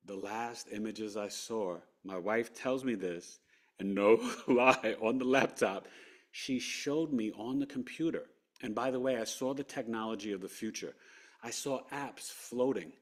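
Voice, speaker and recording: A man as an interview guest, earnestly recounting a personal story and acting out what people said. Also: lowish voice. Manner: earnest, animated, acts out quotes.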